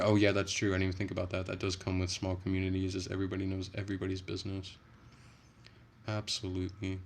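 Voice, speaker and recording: A man with a deep, gravelly voice chats with his viewers in a loose, rambling way. He swears freely and restarts his sentences often. A faint noise sits under the voice. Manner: rambling, profane, frequent restarts. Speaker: livestreamer chatting with viewers. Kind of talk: casual livestream chat.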